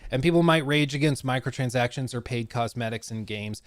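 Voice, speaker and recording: A young adult man co-hosting a casual podcast, animated and acting out quotes with big pitch swings. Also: a little fast, smooth, no echo, studio quality. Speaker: podcast co-host.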